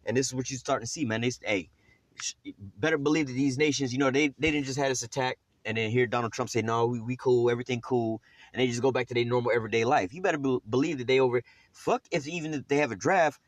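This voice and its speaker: A man's voice: mid-range voice, fast talker, no room sound. A man giving an informal, streetwise scripture teaching, rambling and profane, with many fillers and restarts.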